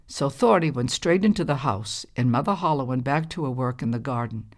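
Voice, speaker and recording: A woman reading a storybook aloud with calm, measured, expressive narration. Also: a bass voice.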